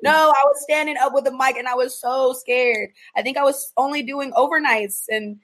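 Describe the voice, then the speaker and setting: A woman radio personality chatting casually in an interview, animated and laughing often as she acts out what people said. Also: normal speed. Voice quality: deep strong voice for a woman.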